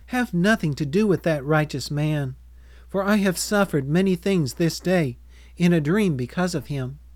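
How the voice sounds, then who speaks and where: A governor's troubled wife sends an urgent, earnest warning, as a man reads her lines. The voice is slightly high and unchanged from the reader's own. It is recorded dry and close in a dramatized scripture reading. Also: normal speed, darkish tone, dry recording, natural voice.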